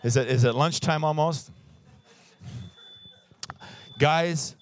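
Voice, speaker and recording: A man's voice: on the high side, slow pace. A man around sixty, preaching a sermon in church and telling stories with emphasis, often chuckling at his own jokes. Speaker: pastor.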